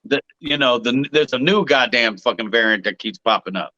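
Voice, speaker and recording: A man's voice: medium pitch, a little fast, pushed and bright, muffled recording. A man co-hosting a podcast, bantering in casual chat with heavy swearing. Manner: profane, emphatic banter. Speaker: podcast co-host.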